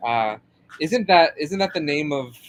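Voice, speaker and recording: A man co-hosting a podcast in casual chat over a remote call, teasing and chatty with halting restarts. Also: fairly high pitch, expressive. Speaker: podcast co-host.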